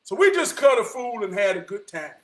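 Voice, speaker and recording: A man giving a motivational talk in a preacher-like cadence, swinging from hushed words to shouting. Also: high voice, very animated, fairly quick. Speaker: motivational vlogger.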